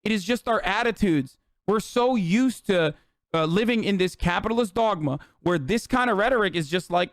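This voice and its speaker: A man's voice: high-pitched, animated, fairly quick, dry recording, studio quality. A male streamer ranting heatedly and sarcastically about politics to his chat, swearing often.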